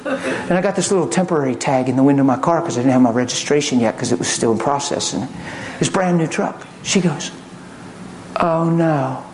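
A man preaching a sermon, telling a story with lively acted-out quotes and swings between loud and hushed. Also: mid-range voice, fast, background noise.

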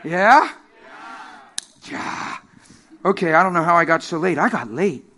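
A middle-aged man preaching a sermon, telling stories with lively energy, laughing and acting out the voices of the people in them. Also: on the high side, a little slow. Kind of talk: sermon with storytelling. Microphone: handheld microphone.

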